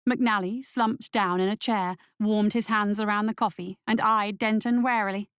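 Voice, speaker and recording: A woman narrating a scripted story in a measured, clear way. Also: medium pitch, fairly even intonation, a bit bright, dry recording, clean studio sound. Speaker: audiobook narrator.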